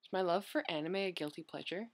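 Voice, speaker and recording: A woman's voice: on the low side, quick pace. A young woman vlogger chatting casually as she answers questions, rambling and filling her talk with "like" and "you know".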